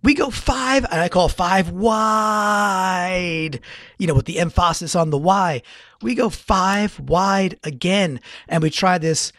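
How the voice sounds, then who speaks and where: A man talking fast and with feeling through a solo sports recap, stacking up repeated phrases for emphasis. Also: sits high, lively intonation, a bit bright, no room sound, clean studio sound. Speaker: podcast contributor.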